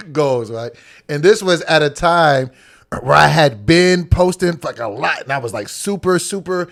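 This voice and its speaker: A man's voice: a little high, animated, unhurried, gravelly, fairly bright tone. A man co-hosting a podcast, telling stories in laid-back casual chat and laughing often. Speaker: podcast co-host.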